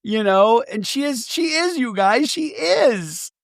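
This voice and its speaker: Guy putting on a whiny high teary woman pleading, voice swinging all over. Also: expressive, slow pace, gravelly, dry recording, studio quality, heavily acted. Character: tearful, defensive woman on a boat trip.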